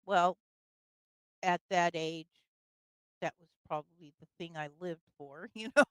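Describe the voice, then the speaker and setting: A woman's voice: fairly low pitch, a little slow, poor audio. An older woman telling a personal story in casual conversation, with fillers and laughs. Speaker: guest storyteller.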